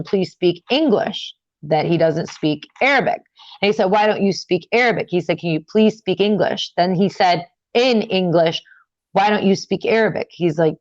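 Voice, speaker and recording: Chatty young woman, dry lo-fi sound. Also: no echo. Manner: animated, many fillers, rising high when upset. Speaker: interview guest. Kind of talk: casual storytelling.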